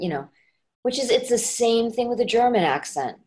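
A woman who coaches dialects, chatting as an interview guest and jumping into quick acted examples as she explains. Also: fairly high pitch. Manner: animated, acts out voices when giving examples. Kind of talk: casual interview chat.

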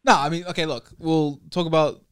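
A young man with a New Zealand accent, co-hosting a casual podcast in an animated, mocking style. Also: on the high side, brisk, clear, resonant tone. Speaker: podcast co-host. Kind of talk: casual banter.

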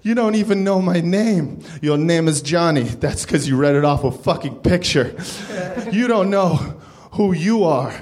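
A man's voice: on the high side, expressive, unhurried, a little mellow. A man voicing a pushy, exasperated young male cable thief who pleads and taunts. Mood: taunting.

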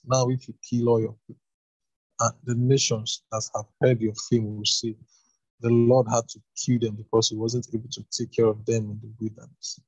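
A man reads Moses, a leader begging God to spare his people. His husky voice stays earnest and often drops low. The sound is dry and close. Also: no room sound, rough recording.

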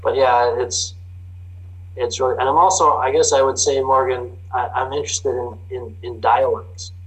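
Middle aged minnesota guy, long drawn o's, chatty storyteller, middle pitch. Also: steady tone, moderate pace, low-quality recording. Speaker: guest, farm machinery reporter. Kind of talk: casual interview chat.

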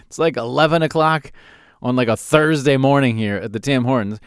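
A man's voice: medium pitch, a little fast, clean tone, dry recording, studio quality. A man in his forties hosting a solo podcast, telling funny stories with lots of laughter. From Calgary, Canada. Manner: animated, laughs often at his own stories. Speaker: podcast host. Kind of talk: solo comedic storytelling podcast.

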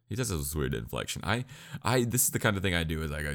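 A man's voice: low-pitched, very animated, fast talker, fairly bright tone. A man rambling casually through an anime review, joking and swearing as he goes.

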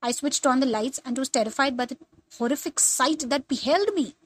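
Young woman reading a spooky first-person story, high voice, dramatic. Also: a little fast, dry recording, poor audio. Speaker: narrator.

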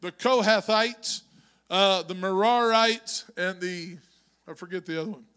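A male pastor preaching a sermon in church, moving from conversational storytelling to shouted exhortation. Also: high voice, a little slow, clear, resonant tone. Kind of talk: Pentecostal-style preaching. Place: church sanctuary.

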